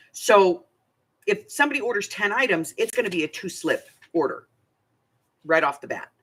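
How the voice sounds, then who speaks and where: A woman's voice: lowish voice, pushed and bright, slightly rough. An older woman hosting a craft channel, telling a rambling, chatty story with many asides. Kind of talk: casual storytelling vlog.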